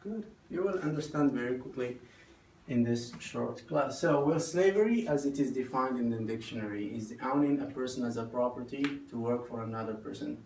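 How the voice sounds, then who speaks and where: A man giving a mini-lesson in a classroom. He explains terms slowly and patiently and asks the class questions. The recording is roomy and distant, with faint background noise. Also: medium pitch, darkish tone. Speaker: student teacher. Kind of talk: classroom teaching. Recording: echoey classroom, heard from far off.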